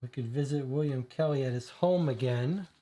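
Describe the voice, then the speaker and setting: Board game streamer, mid-pitched, musing aloud and reading game cards, casual livestream delivery. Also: moderate pace, mellow. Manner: thinking aloud, many fillers, reads case text aloud.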